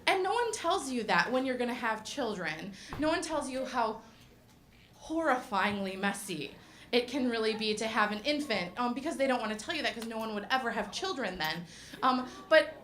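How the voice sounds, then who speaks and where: Young woman stand-up, bright and giggly, self-interrupting, roomy club echo. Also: a little high, animated, normal speed, a little hiss or hum. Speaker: stand-up comedian. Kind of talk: stand-up comedy. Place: comedy club stage. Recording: roomy echo of a comedy stage.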